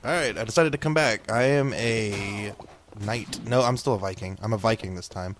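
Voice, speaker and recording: A man commenting casually on his gameplay, slipping into hammy pirate and Viking threats and yelling at the game. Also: fairly low pitch, moderate pace, slight background noise. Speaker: gaming video host.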